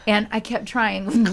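Animated woman telling a story, low voice. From Houston, Texas. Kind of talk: storytelling in casual chat.

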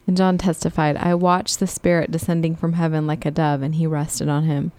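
Low, mellow-voiced woman reading scripture. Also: level tone, fairly quick. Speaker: Bible study participant. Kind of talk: reading scripture aloud and casual discussion.

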